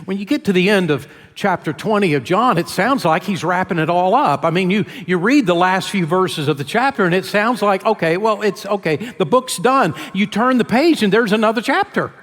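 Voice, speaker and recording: A man's voice: sits high, lively intonation, moderate pace, hardly any pauses, fairly bright tone, big-room sound. A man preaching a sermon as pastor, retelling a scripture story in an earnest storytelling manner. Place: church sanctuary.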